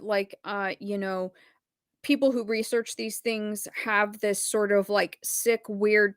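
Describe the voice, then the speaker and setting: A woman's voice: medium pitch, a bit bright, dry recording, studio quality. A woman hosting a true crime video, reading documents aloud and reacting with blunt, emotional commentary full of fillers.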